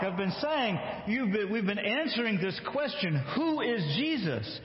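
A man preaching a sermon, retelling scripture slowly and with emphasis, acting out the quotes. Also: sits high, very animated, slight background noise. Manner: slow, emphatic storytelling with acted-out quotes. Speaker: pastor. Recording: echoey hall, dull lo-fi sound.

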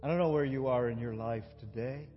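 A man preaching a sermon as a pastor, telling a story and swinging between loud emotional peaks and soft, quiet passages. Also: medium pitch, brisk, big-room sound, highs cut off, faint music behind. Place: church.

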